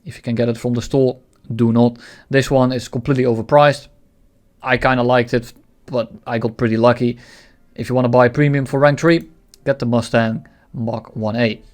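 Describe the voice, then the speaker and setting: A man's voice: medium pitch, flat delivery, normal speed, a little mellow. Blunt, swearing gaming commentator, man. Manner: blunt, opinionated, swears, ranting. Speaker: gaming video creator. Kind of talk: casual game commentary.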